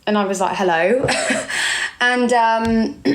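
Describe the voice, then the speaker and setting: A woman's voice: a little high, animated, very slow, gravelly, a little hiss or hum. A young woman with an English accent, chatting casually on a live stream, reading out viewer comments and calling people darling. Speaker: livestreamer.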